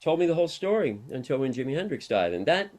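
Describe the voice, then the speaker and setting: A man's voice: a little high, sing-song, fast, a little mellow. A middle-aged man talks as a guest on an interview show. He tells long, wandering personal stories in a casual way and laughs often between them. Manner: rambling, anecdotal, laughs often. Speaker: interview guest, harm reduction worker.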